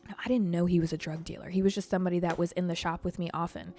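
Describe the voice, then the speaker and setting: Animated profane woman podcast host. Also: lowish voice, racing, soft background music. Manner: animated, profane, acts out voices in her story. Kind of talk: casual storytelling monologue.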